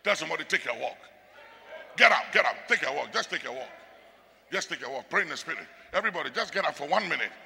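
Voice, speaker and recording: A high, very sharp male voice with heavy gravel in it, rising and falling widely as he preaches. He drops low and soft, then bursts out into shouts. The sound rings out with a long reverb, as in a large church hall. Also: expressive, fast talker, a little hiss or hum. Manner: swings from quiet to shouting; speaks in tongues. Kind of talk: sermon.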